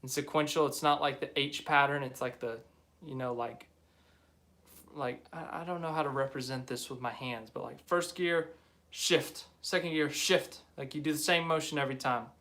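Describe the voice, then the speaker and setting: A man's voice: medium pitch, fairly quick, pushed and bright. A young man hosting a live stream, chatting casually and rambling as he reads viewer comments aloud. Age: young adult.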